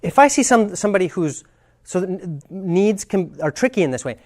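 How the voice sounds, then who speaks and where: A man leading a communication workshop, explaining ideas thoughtfully and telling a story, often pausing to search for words. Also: sits high, expressive, darkish tone. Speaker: communication trainer.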